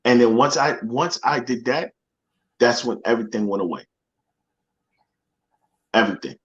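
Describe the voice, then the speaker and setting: Man, motivational guest, earnest personal storytelling, repeats his words, mid-pitched voice, slightly muffled call audio. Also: lively intonation, moderate pace. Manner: earnest, repeats phrases while searching for words.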